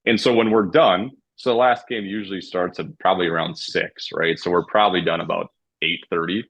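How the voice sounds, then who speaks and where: Husky low-voiced man telling stories. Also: fairly quick, highs cut off. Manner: profane, animated anecdotes. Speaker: former hockey referee, guest. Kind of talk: casual storytelling.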